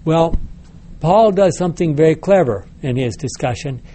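Mellow-voiced man teaching Bible study. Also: on the high side, lively intonation, moderate pace. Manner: reads passages, then asks the group checking questions. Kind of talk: reading scripture aloud and explaining it to a class.

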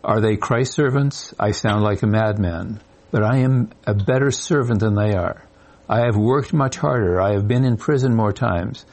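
A man in a Bible study group reading passages from a study guide and scripture in a steady voice. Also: on the low side, normal speed.

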